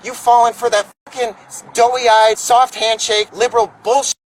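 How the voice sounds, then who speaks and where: A man's voice: very high-pitched, little pitch movement, moderate pace. An angry man ranting profanely at police outdoors, agitated and defiant. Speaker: homeless activist confronting police. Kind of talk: angry street confrontation. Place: outdoors in a parking lot. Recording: distant bodycam audio with background noise.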